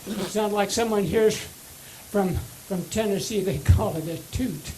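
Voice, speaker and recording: An older man with a high, squeaky voice from voice surgery, doing a stand-up comedy set with dry, self-mocking jokes and wry pauses. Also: a crowd in the background, poor audio. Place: comedy club stage before a live audience. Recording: live club recording with audience laughter.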